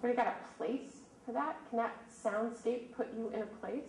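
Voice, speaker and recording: A woman in her thirties, a birding presenter telling stories and quizzing a live audience in a lively way. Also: a little high, a little fast, vocal fry. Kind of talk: storytelling talk to a live audience. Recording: echoey room from a distant mic, faint noise.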